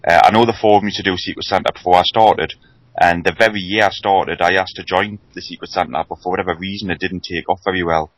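Very deep-voiced man chatting, dry sound. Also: fairly even intonation, quick pace, no echo, low-quality recording. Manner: chatty, hesitant with ums. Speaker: podcast co-host. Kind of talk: casual podcast chat.

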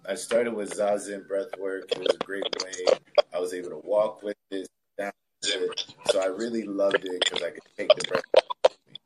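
A man with a somewhat low voice talks as a guest in an interview. He tells his own story in a loose, reflective, conversational way, full of casual fillers. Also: slight background noise. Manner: relaxed, reflective, loose with fillers like "you know" and "like". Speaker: podcast guest, spiritualist and healer.

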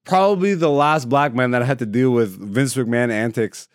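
A man co-hosting a podcast in casual chat, laughing loudly and often, swearing freely and telling animated stories. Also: medium pitch, normal speed, no room sound, studio quality. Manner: loud, frequent laughter, profane banter; animated storyteller. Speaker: podcast co-host.

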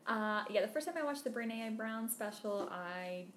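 A woman's voice: fairly high pitch, animated, normal speed, fairly bright tone, reverberant, slight background noise. A woman hosting a podcast in casual chat, gushing and acting out the people she quotes. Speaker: podcast host.

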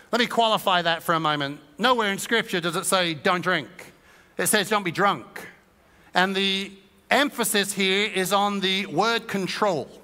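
A pastor preaches in a church, and his voice sits fairly high for a man and rings bright. He talks to the room in a chatty, joking way, slipping into quick imitations of what listeners might think. The sermon carries a long hall reverb. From England. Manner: conversational and humorous, acting out little voices of listeners. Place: church auditorium.

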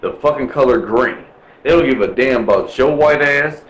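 A man's voice: mid-range voice, normal speed, roomy sound, low-quality recording. A man from Milwaukee talking bluntly and profanely in a casual chat, ranting with lots of swearing. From Milwaukee, USA.

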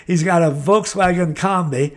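A man's voice: sits high, normal speed. An older American man, a guest telling a long story in a rambling, salty, laid-back way. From United States. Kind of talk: casual storytelling.

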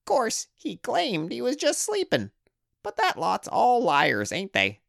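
A man voicing a cowardly, scrawny male goblin who whimpers and squeaks as he talks, in a storybook reading. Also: huge pitch swings, slow, creaky, fairly bright tone, no echo, clean studio sound, full character voice. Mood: wheedling.

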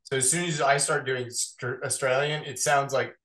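An animated man rambles through a casual interview as a voice actor guest. His voice sits in a middle range. The room gives it a roomy echo. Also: medium pitch. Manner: animated, rambling, quick asides.

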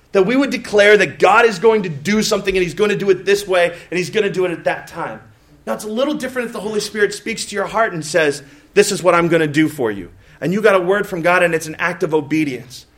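A man's voice: high voice, a bit bright. A male pastor preaching a sermon. He tells candid, self-mocking stories, acts out his own complaints, and turns to talk directly to his congregation. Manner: candid, self-mocking storytelling with acted-out quotes; talks directly to the congregation with asides.

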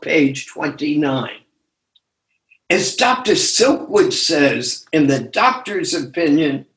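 An older man reads his own essay aloud at an unhurried, deliberate pace, pausing between phrases. His voice sits a little high for a man. The sound comes over a video call and carries a roomy echo. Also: a bit bright. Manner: slow, deliberate reading with pauses.

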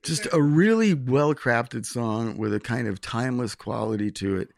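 A man co-hosting a podcast, reading out earnest, admiring song reviews in a measured way. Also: medium pitch, vocal fry, no echo, clean studio sound. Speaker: podcast co-host.

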